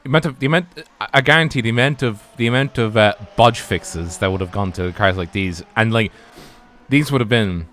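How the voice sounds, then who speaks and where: A man's voice: on the low side, fairly quick, fairly bright tone. A man doing casual, rambling live sim racing commentary. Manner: rambling, chatty, lots of restarts. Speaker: race commentator.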